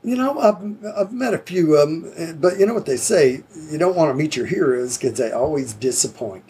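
A man's voice: a little high, animated, moderate pace, warm tone, husky. A man telling rambling, laid-back stories in casual chat, swearing easily.

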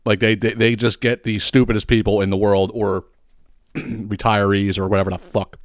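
A man's voice: lowish voice, normal speed, no echo, clean studio sound. Exasperated man ranting a story. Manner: profane, exasperated, animated. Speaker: podcast host.

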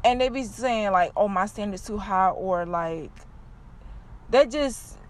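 A woman's voice: mid-range voice, slow. A young woman, ranting bluntly and profanely to her viewers in a casual vlog. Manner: blunt, profane, animated storytelling. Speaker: vlogger. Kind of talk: casual unscripted rant to viewers.

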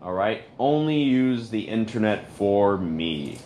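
A man's voice: on the low side, expressive, takes it slowly, a little mellow, slight background noise. A man hosting a casual audio chat, rambling in an ironic, self-mocking way. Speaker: host of an audio chat room.

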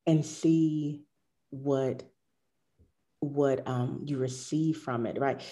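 A middle-aged woman with a low, mellow voice, telling stories from her yoga practice. She speaks in a reflective, conversational way. She mimics her own past reactions as she goes. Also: fairly even intonation, very slow. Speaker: yoga teacher. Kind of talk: casual conversation.

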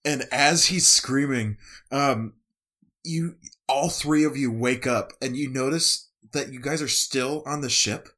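A man narrating as game master of a tabletop game, slow and descriptive with fillers. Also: medium pitch, pushed and bright.

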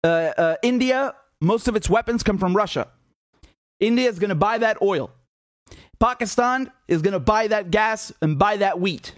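A man's voice: high-pitched, moderate pace, no echo, clean studio sound. A man giving a blunt, mocking political monologue, laughing often and swearing. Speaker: political commentator. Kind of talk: casual opinion monologue.

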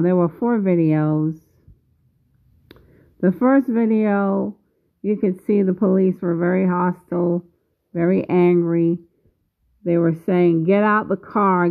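A woman in her fifties talking casually to her viewers, slow and measured, pausing often. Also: fairly low pitch, creaky. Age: 50s. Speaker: vlogger. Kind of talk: casual video commentary. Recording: tinny phone-like sound.

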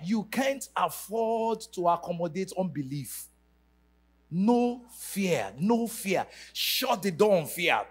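A man's voice: high voice, sing-song, slow pace, slightly rough. A man preaching a sermon to a church congregation, emphatic and sing-song, leading call-and-response. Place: church service.

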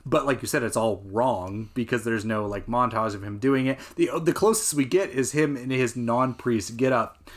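A man's voice: mid-range voice, normal speed. A man co-hosting a podcast, talking casually about a movie in a rambling way, with many fillers and restarts. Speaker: podcast co-host. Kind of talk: casual film discussion.

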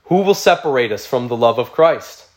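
A man's voice: mid-range voice, lively intonation, normal speed. A man preaching a sermon, reading scripture aloud and explaining it in an earnest way that builds through repeated phrases and turns emotional.

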